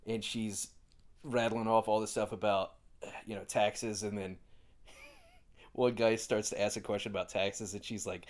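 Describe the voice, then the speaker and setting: A man's voice: on the low side, unhurried. A man co-hosting a casual podcast, recounting funny scenes at an easy pace with frequent laughs. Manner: relaxed storytelling with frequent laughs and quoted lines. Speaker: podcast co-host. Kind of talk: casual chat.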